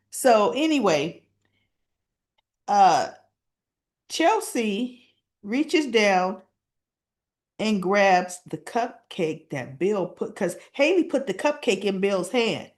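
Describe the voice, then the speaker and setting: A woman talking through a soap opera episode in relaxed recap chat. She takes her time and draws each beat out slowly. She keeps tossing in friendly asides as she tells the story. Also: mid-range voice. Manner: chatty storytelling, frequent "right?" asides.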